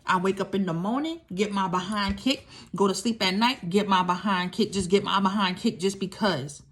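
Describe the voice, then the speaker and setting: In a medium-pitched voice at a moderate pace, a young woman describes her experience as a domestic violence survivor. Her talk is candid and insistent, with key phrases repeated and words directed at the listeners.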